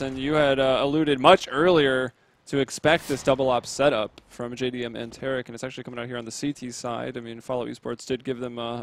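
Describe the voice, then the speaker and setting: A man calling a competitive shooter match from home in a casual, chatty way, with sudden excited bursts at the big plays. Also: medium pitch, a little hiss or hum. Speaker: esports caster. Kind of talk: play-by-play game commentary.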